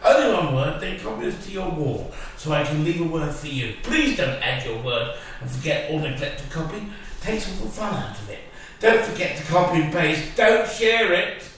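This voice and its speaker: A man co-hosting a podcast in casual banter, dry and deadpan, recorded from a distant mic in an echoey room. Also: a little high, moderate pace, hardly any pauses, slight background noise.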